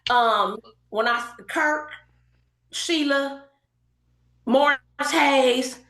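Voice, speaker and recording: Woman, forties, Southern California accent, guest telling animated stories with acted-out quotes; fairly high voice, roomy echo. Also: extremely slow. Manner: animated, acts out quoted voices, laughs often. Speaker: guest, hairstylist. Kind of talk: storytelling in casual interview. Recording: echoey room.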